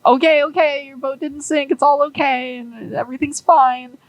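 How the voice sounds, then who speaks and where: A woman voicing a frantic, apologetic male shipyard tug who babbles soothing words in a rushed high voice. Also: expressive, darkish tone, dry recording, low-quality recording.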